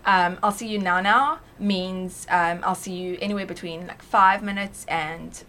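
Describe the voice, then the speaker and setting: A woman's voice: on the low side, fairly even intonation, measured pace, sharp tone, a little hiss or hum. Chatty woman. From South Africa. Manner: chatty, explains with many fillers. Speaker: panel guest. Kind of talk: casual panel chat.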